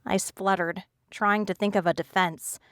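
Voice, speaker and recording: A woman reads a fantasy novel aloud in a measured, even way. Her voice is smooth and clear, recorded dry and close with no room around it. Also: medium pitch, no echo. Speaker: audiobook narrator. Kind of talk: scripted narration.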